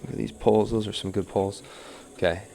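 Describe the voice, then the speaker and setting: A pottery instructor demonstrates wheel-throwing live, talking through each step and counting his pulls under his breath. His voice is fairly low, steady, brisk and mellow, with some vocal fry.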